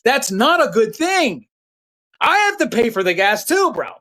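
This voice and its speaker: A man with a very high, bright, sing-song voice speaks a little slowly and forcefully on a rough recording. Hosting a political commentary livestream, he addresses chat bluntly and with heat, using loose slang and restarting sentences.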